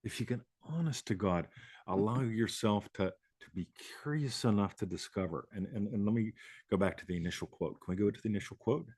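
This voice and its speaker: A man's voice: fairly low pitch, fairly quick, a little mellow, slightly rough, no room sound, studio quality. A man hosting a live show, talking casually in a rambling way, swearing and laughing often. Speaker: host.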